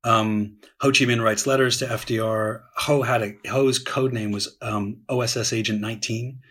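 A man's voice: medium pitch, fairly even intonation, moderate pace, fairly bright tone, slightly rough. A man in a conversational discussion, explaining at length, often restarting sentences and using fillers. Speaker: historian guest.

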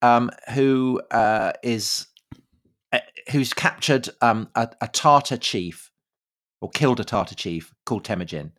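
A man with a medium-pitched voice co-hosting a podcast. He chats in a relaxed way, putting questions to his guest with a dry humour. His delivery is easy and conversational. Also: a little slow. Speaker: podcast co-host. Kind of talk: casual podcast chat.

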